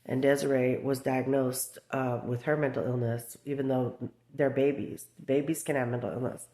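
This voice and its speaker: Woman, 30s, low voice, agitated rambling vlog rant, echoey room. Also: fairly even intonation, moderate pace, warm tone. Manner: agitated, rambling storytelling full of fillers. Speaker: mother speaking out about her children. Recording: roomy echo.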